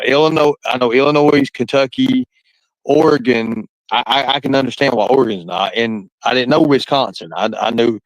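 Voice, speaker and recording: A man's voice: mid-range voice, no room sound, rough recording. Man, live stream guest, rambling, repeats himself, dry close sound. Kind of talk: casual talk.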